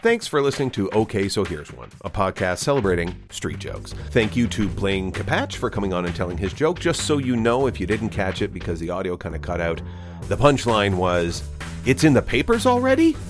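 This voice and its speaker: A man with a fairly low voice hosting a casual podcast, cheering his guest on with quick short replies like mm-hmm and beautiful. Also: animated, music in the background. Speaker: podcast host.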